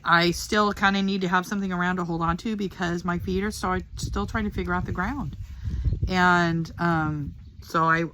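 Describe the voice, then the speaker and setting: Low-voiced older woman giving earnest testimony. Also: a bit bright, slight background noise. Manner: earnest, heartfelt and rambling. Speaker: Christian testimony speaker. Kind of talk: casual personal testimony to camera.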